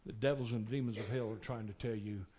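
A man in his sixties preaching a passionate sermon, shouting one moment and pleading quietly the next. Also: fairly low pitch, steady tone, quick pace, slightly rough. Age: 60s. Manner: impassioned, swings from shouting to hushed pleading. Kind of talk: revival sermon.

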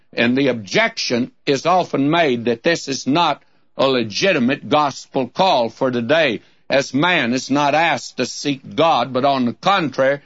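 A man's voice: medium pitch, fairly bright tone. A man teaching the Bible on a taped radio program, reading scripture aloud in King James cadence and calling his listeners friend in a folksy way. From Southern California. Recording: dull lo-fi tape recording.

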